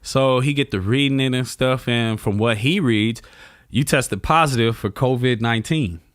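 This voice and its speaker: A man who is a comedian and podcast co-host, telling a story in a rambling, profane, animated way. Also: mid-range voice, normal speed, no echo, studio quality. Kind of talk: casual storytelling.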